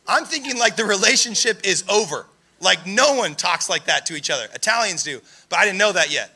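A young man preaching a sermon, telling stories in an animated way and raising his voice for emphasis. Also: sits high, fairly quick. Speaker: pastor.

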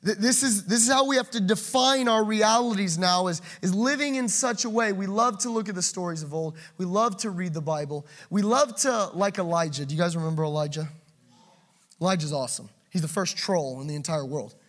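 A man preaching a passionate sermon, swinging between loud urging and quiet asides. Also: high voice, a little fast.

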